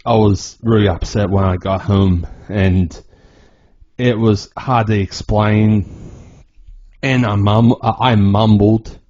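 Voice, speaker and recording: Slow, halting man with a low, mellow voice. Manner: halting, rambling, with many restarts. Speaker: vlogger. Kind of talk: personal voice-over narration. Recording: dull lo-fi recording.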